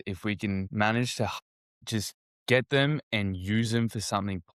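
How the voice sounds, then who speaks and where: A man guesting on a podcast, telling his story earnestly in a halting way with repeated words. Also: on the low side, smooth, no echo, studio quality. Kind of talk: reflective personal story.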